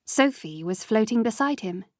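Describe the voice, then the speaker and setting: A woman reading an audiobook as narrator, in measured, even storytelling. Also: fairly high pitch, no echo, studio quality. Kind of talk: scripted narration.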